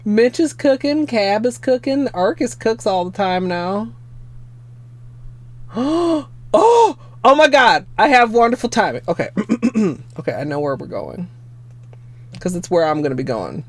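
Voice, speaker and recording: A young woman streamer talks in an excitable, exclamatory way, her pitch leaping all over. She speaks slowly and sounds teary and sniffly. She swears freely as she chats from home. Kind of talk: casual livestream chat.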